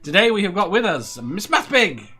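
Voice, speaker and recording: A man's voice: high-pitched, very animated, moderate pace, sharp tone, slightly rough, soft background music. A man hosting a casual online quiz with friends, laughing often between lines. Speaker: quiz host.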